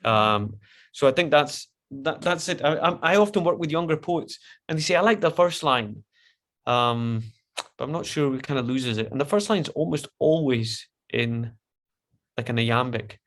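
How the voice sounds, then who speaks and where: A man's voice: medium pitch, lively intonation, moderate pace, fairly bright tone. A man leading an online poetry workshop over a video call, chatty and encouraging, with frequent restarts.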